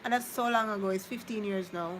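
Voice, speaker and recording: Over some background noise, a thirtysomething vlogger with a mid-range voice talks a little fast while going through her live chat. Her casual talk with viewers is heartfelt, meandering and repetitive.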